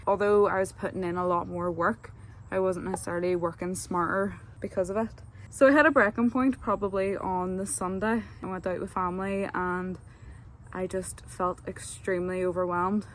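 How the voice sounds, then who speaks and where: A woman's voice: lowish voice, steady tone, moderate pace, a little hiss or hum. Chatty young woman. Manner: chatty, rambling, lots of fillers. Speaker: vlogger. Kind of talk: casual storytelling vlog.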